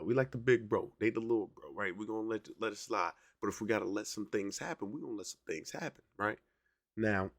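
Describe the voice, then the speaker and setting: Male podcast host, low and gravelly, talks loose and slangy, keeps pulling the listener in. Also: a bit bright, no room sound, studio quality. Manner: conversational, keeps asking "right?" to the listener; slangy, drawling delivery. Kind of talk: casual solo commentary.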